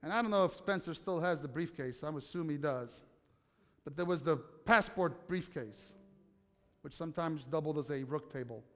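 A man's voice: fairly high pitch, moderate pace. A man preaching a sermon as pastor, telling stories conversationally and putting questions to the congregation. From United States. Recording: long hall reverb.

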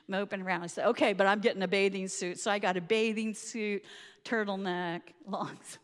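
A woman telling a personal story in a lively, self-mocking way, laughing often. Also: mid-range voice, long reverb tail.

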